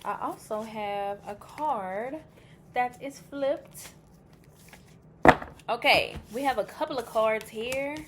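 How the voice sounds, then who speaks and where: A woman's voice: fairly high pitch, takes it slowly, pauses often, heavy background noise. A woman giving a casual pick-a-card tarot reading. She is chatty and blunt, swears freely, and thinks aloud as she reacts to the cards.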